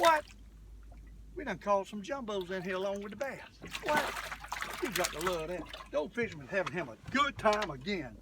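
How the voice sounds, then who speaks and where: Excitable, high-voiced man fishing outdoors. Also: a little fast, recorded from a distance, very noisy. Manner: excitable, folksy, talks to the camera. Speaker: fishing vlogger. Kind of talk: casual running commentary while fishing. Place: outdoors on a boat on a lake.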